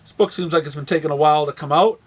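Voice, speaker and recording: High-voiced New England man. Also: fairly even intonation, racing, breathy edge. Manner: rambling, with frequent fillers and restarts. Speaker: comic shop host. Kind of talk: casual product rundown.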